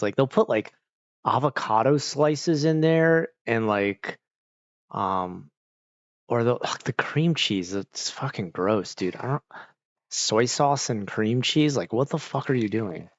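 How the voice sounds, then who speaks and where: A man talks loosely to his livestream viewers from his couch at home, cursing freely and circling his points with endless "like"s and half-started sentences. His voice sits at an ordinary middle pitch. The sound is a little muffled and very dry. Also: no echo. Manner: rambling, profane, full of "like" and restarts. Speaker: streamer chatting with viewers. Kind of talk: casual livestream chat. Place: at home on a couch with a pet nearby.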